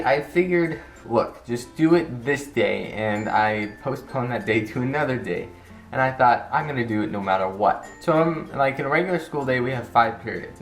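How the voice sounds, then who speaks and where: A teenage man telling an embarrassing story to camera in a rambling, casual way, restarting sentences and acting out the quotes. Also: medium pitch. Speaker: vlogger. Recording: roomy echo with faint guitar music.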